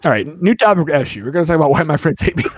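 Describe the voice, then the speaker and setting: A man's voice: on the high side, no echo, lo-fi sound. A man hosting a podcast, rambling and joking in a casual movie review chat. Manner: rambling, joking, self-deprecating. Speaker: podcast host.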